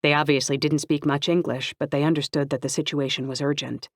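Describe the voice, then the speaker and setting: An audiobook narrator reading a first-person novel in a steady, even storytelling manner. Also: mid-range voice, a little fast, dry recording, studio quality.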